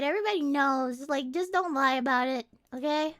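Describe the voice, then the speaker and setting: A young adult woman streaming and chatting casually, excitable and quick to swear. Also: sits high, dry recording, clean studio sound. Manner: excitable and profane, swears freely. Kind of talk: casual livestream chat.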